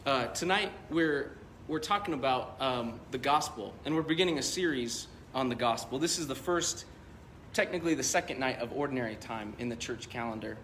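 Bright-voiced pastor preaching in a roomy church. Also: male voice, mid-range voice, animated, moderate pace, a little hiss or hum. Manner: conversational, rambling storytelling with fillers. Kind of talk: sermon.

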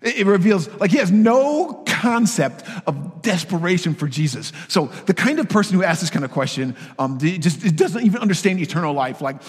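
Animated male preacher in a reverberant hall. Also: sits high, brisk, few pauses, slightly rough. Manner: animated storytelling with casual asides. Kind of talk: sermon.

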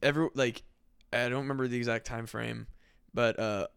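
A man's voice: medium pitch, fairly even intonation, moderate pace, creaky, a bit bright, clear, resonant tone, dry recording, clean studio sound. A man hosting a podcast, telling a story in rambling casual chat full of fillers and swearing. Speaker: podcast host.

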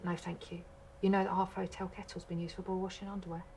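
A deadpan investigator. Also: female voice, fairly low pitch, fast talker, creaky, slight background noise. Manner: dry and deadpan. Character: blunt, deadpan woman investigator.

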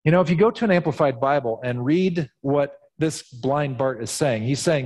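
A male pastor preaching a sermon in an animated storytelling manner, acting out the voices. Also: mid-range voice, moderate pace, hardly any pauses. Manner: animated storytelling, acts out quotes.

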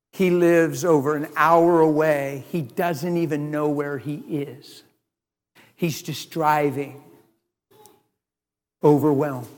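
A man preaching in a folksy storytelling sermon, swinging from low asides to loud, excited retellings. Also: big-room sound.

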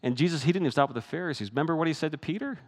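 A man's voice: a little high, rapid-fire. A middle-aged man preaching a sermon as pastor, in a conversational style and acting out the voices he quotes. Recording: long reverb of a large hall.

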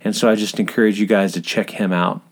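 A man's voice: lowish voice, steady tone, fast. Chatty Southern American man hosting. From Southern United States. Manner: chatty and rambling, with fillers and self-corrections. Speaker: podcast host. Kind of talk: casual podcast monologue.

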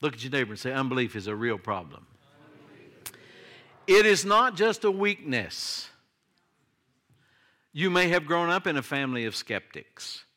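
A man's voice: mid-range voice, sharp tone. An older man, a pastor delivering a sermon in a conversational style that swings into emphatic declarations.

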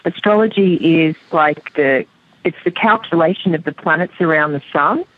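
A woman's voice: sits low, moderate pace, dry recording. A woman in her fifties with an Australian accent, chatting easily as a guest astrologer and laughing often. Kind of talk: casual interview. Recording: dry, tinny phone line.

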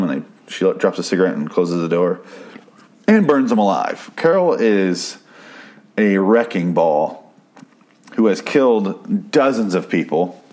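Low-voiced and darkish in tone, this man hosts a podcast where he goes over a TV episode in a loose, foul-mouthed, wandering style, frequently stopping and starting sentences over.

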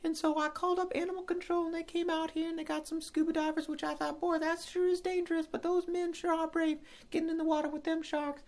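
A man voicing a chatty woman interviewed on the news at her home, in a high falsetto with folksy, rambling storytelling. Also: level tone, fast.

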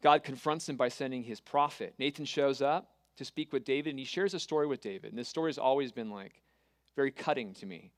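A man preaching a sermon, retelling a scripture story with earnest, dramatic pauses and reading scripture aloud. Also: medium pitch, no room sound, studio quality.

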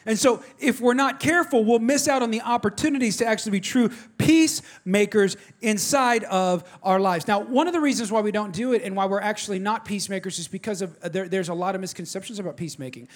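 A middle-aged man, preaching a sermon in an animated, conversational way and talking directly to his congregation. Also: sits high, fast, few pauses. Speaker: pastor. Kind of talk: sermon with personal storytelling.

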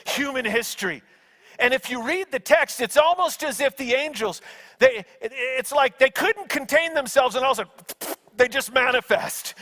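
A man preaching a sermon, telling stories dramatically and raising his voice at key moments. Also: very high-pitched. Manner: animated storytelling, acting out angels with shouts. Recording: long hall reverb.

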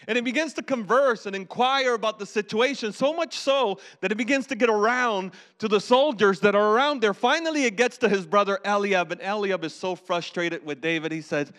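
A man preaching a sermon, telling the story with lively acted voices and calls for the audience to repeat. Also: high-pitched, fairly quick. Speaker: pastor.

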